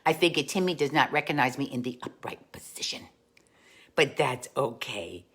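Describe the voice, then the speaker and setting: Picture a gossipy aunt holding court with her viewers, as a woman puts her on. Her voice sits low but swings wide and lively as she chats. She's warm, chatty and always ready for a story. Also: moderate pace. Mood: chatty storytelling. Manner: chatty, greets viewers, calls them dolls. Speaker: comic host. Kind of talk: live-stream storytelling in character.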